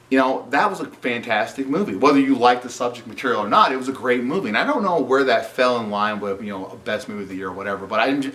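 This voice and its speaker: A man's voice: mid-range voice, a bit bright, recorded from a distance. A man giving an opinionated spoken movie review, sarcastic and indignant, often saying "you know". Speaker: film reviewer.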